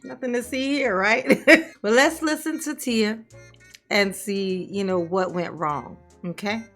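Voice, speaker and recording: A woman hosting a reaction commentary show, sassy and quick with jokes, laughing often. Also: medium pitch, a bit bright, faint music behind. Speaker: commentary channel host.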